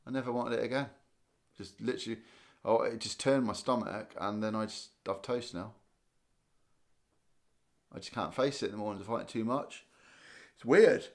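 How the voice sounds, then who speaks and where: A man from Guernsey hosts a relaxed live stream, tired from a sleepless night. His voice sits somewhat low, and he chats loosely, thinking aloud and trailing off. He keeps it casual and conversational as he answers viewers. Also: normal speed, long pauses. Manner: chatty, rambling, thinks aloud with restarts and small laughs. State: tired, yawning. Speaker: livestream host. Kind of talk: casual live chat reading viewer comments.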